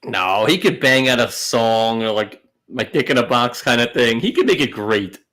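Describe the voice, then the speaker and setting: A man's voice: mid-range voice, expressive, normal speed, fairly bright tone. Man quipping back on a podcast. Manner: chimes in with short reactions and quips. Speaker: podcast co-host. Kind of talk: casual chat.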